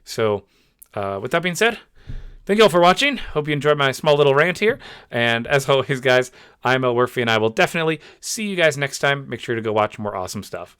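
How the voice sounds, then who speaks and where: A man's voice: mid-range voice, animated, brisk, fairly bright tone, smooth, dry recording, clean studio sound. Exasperated man ranting on his channel. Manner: exasperated, repeats himself, many fillers. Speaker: commentary channel host. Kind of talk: frustrated commentary rant.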